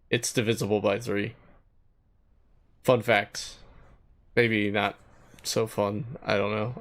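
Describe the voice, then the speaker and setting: A man streaming a game and chatting casually with his viewers, laughing often and thinking out loud. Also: medium pitch. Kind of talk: casual gaming stream chat.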